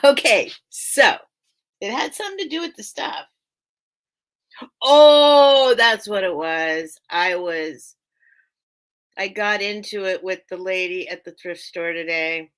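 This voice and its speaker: A woman's voice: on the low side, expressive, unhurried, pushed and bright. Chatty, rambling woman hosting a live sale. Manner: rambling, chatty, laughs often, loses train of thought. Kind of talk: casual live-stream chat.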